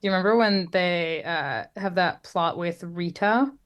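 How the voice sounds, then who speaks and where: A woman's voice: on the low side, unhurried. A woman co-hosting a podcast in casual chat about a TV series, playful and teasing, laughing easily. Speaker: podcast co-host.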